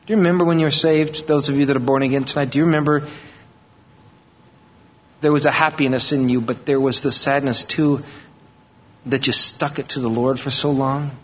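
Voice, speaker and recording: A male pastor preaching a sermon, animated and conversational, mixing emphatic passages with joking asides. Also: medium pitch, brisk, pauses often, breathy edge. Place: church sanctuary. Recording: dull, lo-fi audio with long reverb in a large hall.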